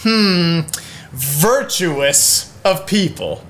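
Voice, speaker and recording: A man voicing a calm, level-headed male puppet friend in a comedic church skit, gently teasing and reasonable. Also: high-pitched, extremely slow, heavily acted. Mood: patient.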